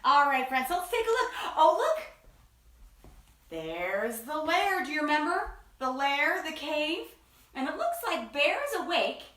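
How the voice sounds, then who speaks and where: A woman leads a children's story time in a playful, bubbly way, speaking to young kids at an unhurried pace. Her voice sits high. The sound is roomy and comes from away from the mic. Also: sing-song, fairly bright tone, recorded from a distance.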